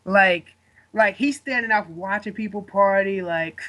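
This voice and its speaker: A man's voice: high voice, a little slow, bright, forceful tone. A man in his twenties, a guest fighter, telling a story in casual chat, rambling and swearing with lots of fillers.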